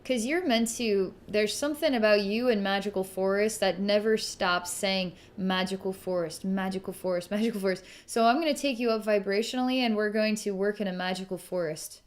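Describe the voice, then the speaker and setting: A woman giving a recorded psychic reading, musing aloud with halting pauses, frequent ums and sighs, and soft laughs. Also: mid-range voice. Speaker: psychic reader.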